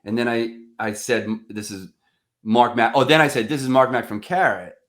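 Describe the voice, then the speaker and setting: A man's voice: medium pitch, moderate pace, a bit bright. A man, chatting casually on a podcast and acting out both sides of his phone calls. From Staten Island, New York. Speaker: podcast guest, sales rep. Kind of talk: casual chat, storytelling.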